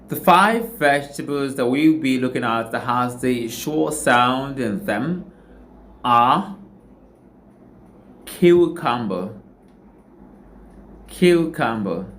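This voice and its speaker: Male pronunciation teacher, very slow and deliberate, mid-pitched, faint hiss behind. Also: a bit bright. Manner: carefully repeats each word twice.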